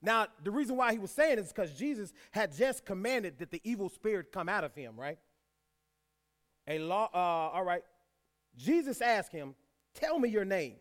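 A man's voice: high-pitched, animated, normal speed, a bit bright. A man preaching a sermon, reading scripture aloud and repeating key lines for emphasis, with folksy asides to the congregation. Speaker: pastor.

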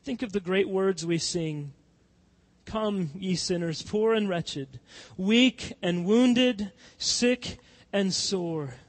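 A man preaching a sermon as pastor, swinging from loud impassioned cries to soft, hushed pleading. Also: high voice, slow.

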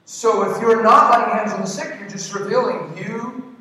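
A man with a high-pitched, pushed, bright voice preaches a sermon at normal speed with emphatic delivery. He puts questions to the congregation and tosses in joking asides, recorded from far off in an echoey large church hall.

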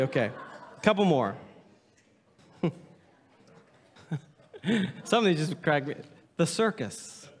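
Male pastor, joking sermon, bouncy animated delivery, reverberant sanctuary. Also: a little high, slow pace, long pauses. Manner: playful, joking, reads aloud with mock drama. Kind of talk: humorous sermon to a congregation. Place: church sanctuary.

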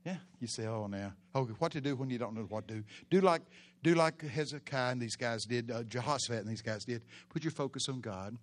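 A pastor preaching a sermon in a church, telling stories with animated, loud bursts. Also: male voice, mid-range voice, brisk.

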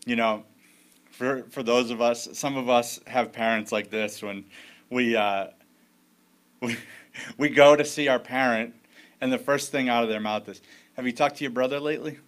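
A man's voice: mid-range voice, steady tone, measured pace, pauses often, clear, resonant tone. A man preaching a sermon as pastor, in a conversational storytelling way with frequent restarts.

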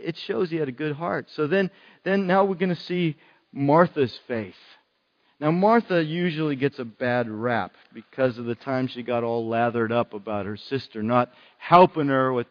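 A man's voice: medium pitch, highs cut off. A man preaching a sermon in an earnest way, repeating phrases for emphasis.

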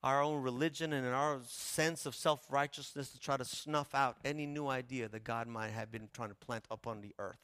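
A man preaching a sermon as pastor, impassioned, with a repetitive cadence that swings from hushed to loud. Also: medium pitch, steady tone, moderate pace, few pauses, clear, resonant tone, no room sound.

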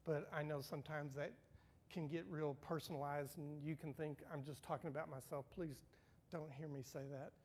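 Older male pastor, animated sermon storytelling. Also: fairly high pitch, moderate pace, breathy edge. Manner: animated, acts out dialogue, swings from hushed to loud.

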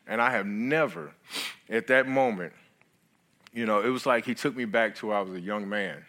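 Middle-aged male guest speaker, lower voice, earnest halting sermon testimony. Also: fairly bright tone. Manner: halting, earnest storytelling with many restarts.

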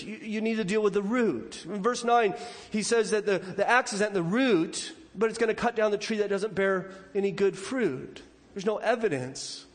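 A man preaching a sermon as pastor, swinging between loud urgent warnings and quiet pleading. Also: high voice.

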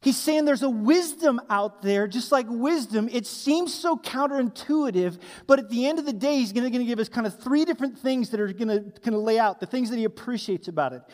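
A male pastor preaching a sermon with animated, emphatic delivery and asking the congregation to fill in blanks. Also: extremely high pitch, a little fast, hardly any pauses. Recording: long hall reverb.

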